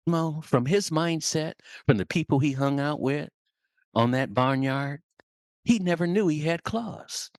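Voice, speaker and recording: A man's voice: fairly high pitch, a little slow, no room sound, clean studio sound. A man, a leadership coach, telling a dramatic story on a podcast.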